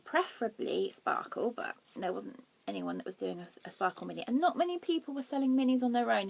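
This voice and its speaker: An excitable young woman with a fairly high voice chats casually on her knitting vlog. She giggles and pokes fun at herself as she talks through her yarn finds. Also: vocal fry. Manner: excitable, giggly, self-deprecating. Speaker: knitting podcast host.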